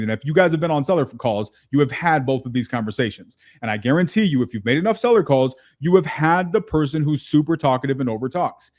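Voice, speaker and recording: A man's voice: fairly high pitch, a little mellow. A man who is a guest on a podcast, explaining his ideas step by step in a conversational way. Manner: explains step by step, acts out quoted voices. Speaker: podcast guest, real estate investor. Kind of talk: casual interview chat.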